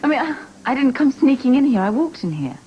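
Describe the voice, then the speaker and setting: A suspicious detective wife. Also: female voice, sits high, big pitch swings, fast talker, dull audio, noisy background. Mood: probing. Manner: probing, insistent questions. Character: suspicious, hurt detective wife, insists on equality. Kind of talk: 1980s TV soap opera acting.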